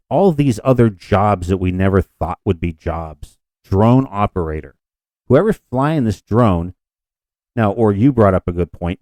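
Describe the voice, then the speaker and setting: Low mellow-voiced rambling man. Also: no echo. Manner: rambling, self-deprecating, many restarts. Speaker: podcast co-host. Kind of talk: casual chat.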